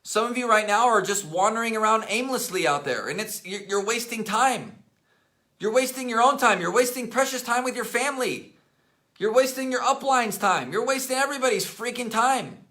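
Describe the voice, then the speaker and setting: A network marketing coach talks to the camera from his office desk, giving a motivational coaching talk in an extremely high-pitched, slightly hoarse voice. He's energetic and emphatic, repeating key points and filling pauses with "right?" and "okay?" The recording has a roomy echo.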